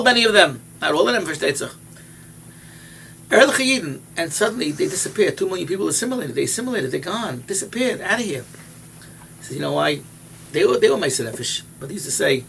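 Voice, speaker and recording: An older man with a New York accent giving a sermon as a rosh yeshiva, animated, swinging from loud exclamations to hushed asides and mixing in Yiddish and Hebrew words. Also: sits high, brisk, vocal fry, husky. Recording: distant mic with light background noise.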